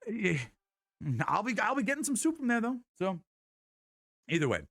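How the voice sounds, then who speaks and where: A man streaming live, telling a rambling, slang-filled story in a casual, animated way. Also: high voice, normal speed, vocal fry.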